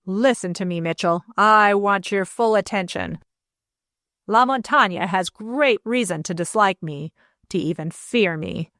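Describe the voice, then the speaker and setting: A woman's voice: mid-range voice, measured pace, fairly bright tone, dry recording, clean studio sound. A woman voicing a paranoid, malicious old stepfather. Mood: venomous. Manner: testy, commanding, secretive. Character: paranoid, malicious older male invalid stepfather.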